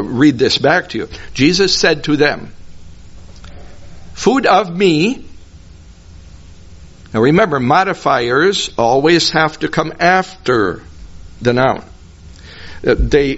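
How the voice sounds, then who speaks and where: A man giving expository Bible teaching, explaining slowly and deliberately and singing out tonal words in another language. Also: on the high side, fairly bright tone. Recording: dull lo-fi recording.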